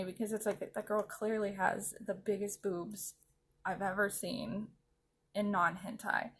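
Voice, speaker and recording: A woman's voice: medium pitch, a bit bright. A woman vlogger chatting casually while doing her makeup at home, rambling and laughing often. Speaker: anime vlogger.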